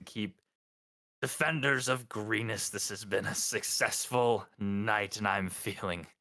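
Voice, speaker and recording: A boastful half-dragon warlord taunts his foes with mock generosity, as a man puts him on at the game table. The voice stays low with a bright edge and close to the narrator's own. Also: slow pace, no echo. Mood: taunting.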